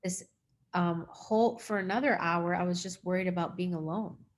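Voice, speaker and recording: A woman with a lowish voice, talking fairly quickly, hosts an interview and shares her own experience. She's an adult with a young daughter, and she rambles loosely, leaning heavily on "like" and "um" while acting out quoted dialogue.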